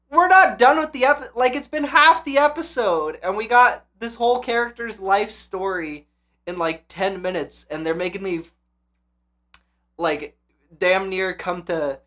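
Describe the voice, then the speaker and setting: A high-pitched man runs an anime reaction channel, chatting casually and excitedly. He swears freely and swings between hyped shouting and quiet reflection.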